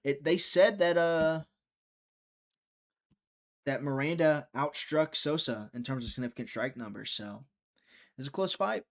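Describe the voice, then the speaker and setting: A man's voice: a little high, measured pace, long pauses. A young man hosting a live fight-watching stream, chatty and teasing, reading viewer chat aloud.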